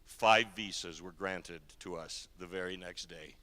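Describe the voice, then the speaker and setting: A man preaching a sermon as a guest speaker, telling a story and swinging between hushed and emphatic delivery. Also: sits low, a little slow. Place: church hall. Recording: long reverb of a large church hall.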